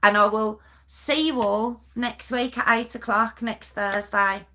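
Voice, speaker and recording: A woman's voice: a little high, steady tone, measured pace, pushed and bright, a little hiss or hum. A woman hosting a live stream, chatting casually with viewers in a giggly, self-mocking, rambling way. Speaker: true crime live-stream host.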